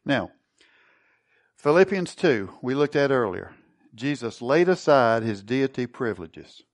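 A man's voice: medium pitch, sing-song, unhurried. A man preaching a sermon, teaching and putting questions to his congregation. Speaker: pastor.

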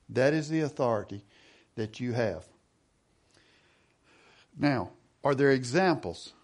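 A middle-aged pastor preaches a sermon in a medium-pitched, slightly mellow voice. He reads scripture aloud, puts questions to the congregation, and slows down for emphasis.

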